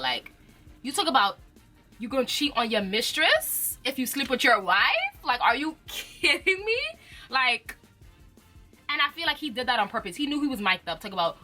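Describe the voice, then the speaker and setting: Faint music plays behind a young woman whose mid-range voice moves at normal speed as she casually discusses reality TV. She comments on the shows in an animated, chatty way, using lots of slang and laughing often.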